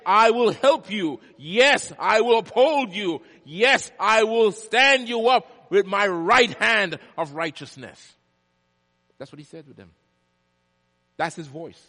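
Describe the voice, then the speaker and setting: A man preaching a sermon as pastor, swinging from loud, emphatic declarations to quiet asides and prompting the congregation to answer back. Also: high-pitched, expressive, slow. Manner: call-and-response prompts to the congregation. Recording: long reverb of a large hall.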